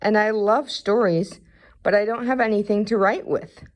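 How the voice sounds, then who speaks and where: A woman's voice: mid-range voice, moderate pace, voice pushed up, lightly acted. Childlike, whiny, boy god with elephant head, storybook, woman reader. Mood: eager. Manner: childlike, whiny when upset. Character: chubby boy elephant-headed god, sweet-loving and sulky.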